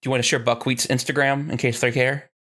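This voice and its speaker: A woman's voice: very deep voice, little pitch movement, fast talker, fairly bright tone. A woman co-hosting a tabletop gaming podcast, chatting in an upbeat, bubbly way. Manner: upbeat and bubbly, laughs often. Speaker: podcast co-host. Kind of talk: casual chat.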